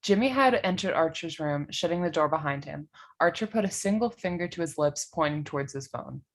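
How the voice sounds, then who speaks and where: A woman narrating a comedic story in a brisk, deadpan way. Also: sits low.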